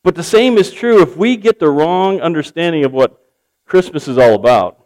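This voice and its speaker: A man's voice: fairly high pitch, expressive, normal speed, darkish tone, rough recording. A man preaching a sermon, telling a joke story and acting out its characters with animation. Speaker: pastor.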